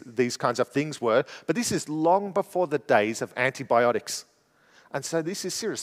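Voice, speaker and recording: A man preaching a sermon, explaining a scripture passage and moving between hushed and emphatic delivery. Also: a little high, long reverb tail.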